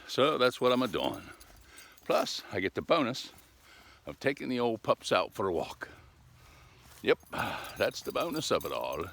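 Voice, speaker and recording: Out in the cold with his camera set up outdoors, an older male vlogger chats casually in a rambling, folksy style. His mid-range voice is a bit bright and swings widely in pitch, and he speaks at a measured pace with long pauses.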